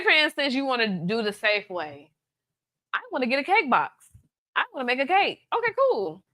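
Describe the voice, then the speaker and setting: A woman's voice: fairly high pitch, sharp tone. A woman from Atlanta, hosting a live cooking demo in a chatty, playful way, teasing her viewers. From Atlanta, USA. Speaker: cooking show host, baker.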